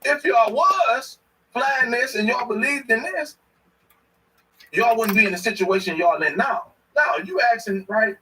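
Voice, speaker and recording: A man, ranting at a clip in a heated, confrontational way, circling back to the same points again and again. His voice sits high and bright. He sounds set back from the microphone. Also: distant mic, a little hiss or hum, rough recording. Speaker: commentator reacting to a clip. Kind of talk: ranting commentary.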